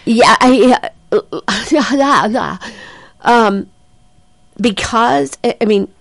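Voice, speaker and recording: A woman psychic medium giving a reading in conversation, talking in an animated way and breaking into excited quoted voices, with many fillers and apologies. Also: fairly high pitch, drawn-out words, vocal fry, no echo. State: says she has a headache.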